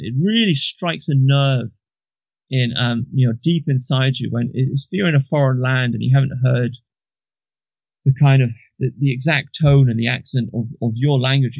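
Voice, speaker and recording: A man from Britain talking in a casual conversation, reflective and halting, often restarting his sentences. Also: mid-range voice, gravelly, breathy edge, dry recording. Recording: dull lo-fi dry recording.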